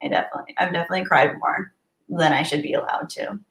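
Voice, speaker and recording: A woman hosting a casual livestream, chatting warmly and reading viewer messages aloud. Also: fairly low pitch, fast talker. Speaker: livestream host. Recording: roomy echo.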